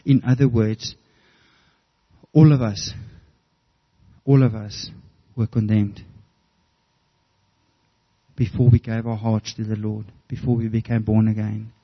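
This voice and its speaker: Earnest pastor preaching. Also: male voice, lowish voice, level tone, slow, pauses often, dull audio. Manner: earnest, storytelling, with frequent restarts. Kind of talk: sermon.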